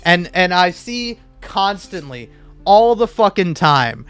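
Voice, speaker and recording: A man's voice: high voice, big pitch swings, slow pace, fairly bright tone, clear, resonant tone, faint music behind. A drunk young man ranting about a game, profane, rambling and combative. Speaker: gaming video creator.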